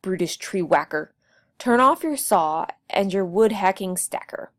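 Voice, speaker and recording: A woman voicing a loud, scolding green-crested male tree guardian in a storybook reading. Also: medium pitch, expressive, unhurried, dry recording, studio quality, close to an everyday voice. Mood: grumbling.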